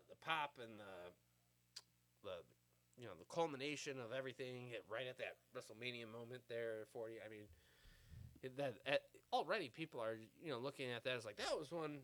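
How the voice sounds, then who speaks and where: A man's voice: medium pitch, brisk, bright, forceful tone. A man in his thirties ranting casually to camera. He rambles, curses freely and fills his talk with "uh" and "like". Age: 30s. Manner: profane, rambling, full of fillers. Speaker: vlogger.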